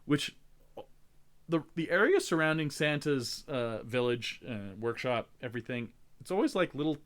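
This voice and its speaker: A man in his podcast co-host seat, walking through a movie plot in a loose, rambling way. His pitch sits in an ordinary middle range, and he keeps stopping to restart sentences and drop in fillers as he goes. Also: lively intonation, normal speed, a bit bright. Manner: rambling storytelling with many fillers and restarts, acting out characters' lines. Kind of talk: casual chat, retelling a movie plot.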